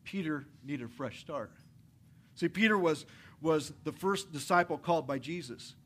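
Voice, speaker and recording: A man, a pastor, preaching a conversational, energetic sermon in a church, repeating his phrases for effect. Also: fairly high pitch, normal speed. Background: soft guitar music.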